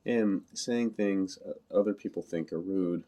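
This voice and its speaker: Male reader, deep and dark, flat and measured first-person reading. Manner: flat, literal, measured delivery. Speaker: audiobook reader.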